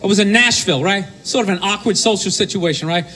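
A male stand-up comedian doing an animated routine, shouting his punchlines in mocking bursts. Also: sits high, fast talker. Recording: live club set with crowd laughter and noise. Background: audience laughing.

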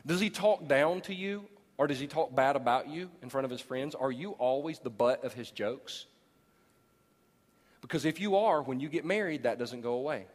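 A man in his forties preaching a sermon as pastor, animated and jokey, acting out people he talks about. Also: mid-range voice, normal speed. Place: large church auditorium. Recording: long hall reverb.

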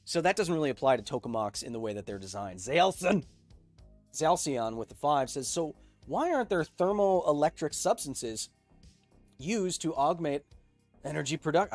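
A man in his thirties hosting a live stream, reading chat questions aloud and explaining science in an energetic way. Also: mid-range voice. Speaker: host.

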